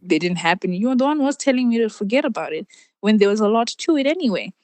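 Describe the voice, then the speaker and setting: Young woman guest, animated storyteller, laughs a lot, dry close sound. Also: mid-range voice, fast, no echo. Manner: animated, laughs often, restarts sentences. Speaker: podcast guest. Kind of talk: candid storytelling in conversation.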